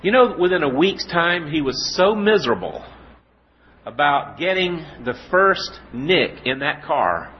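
Lively preacher man, lo-fi recording. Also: on the high side, a little hiss or hum. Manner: storytelling, rhetorical questions, slow emphatic scripture reading. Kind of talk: sermon. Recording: dull lo-fi recording.

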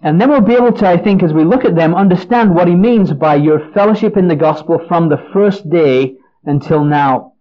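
A man with a high voice speaks at a moderate pace, preaching an earnest sermon that teaches from the Bible. As he explains a passage he often restarts and repeats words. The recording is dull and lo-fi.

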